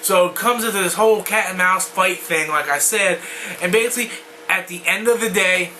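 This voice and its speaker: A man with a strikingly high voice vents his fury at a comic in a video rant. His tone is bright and sharp, laced with swearing, and he keeps breaking into shouts. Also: moderate pace, a little hiss or hum, rough recording. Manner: furious, profane, bursts into shouting. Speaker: comic book vlogger.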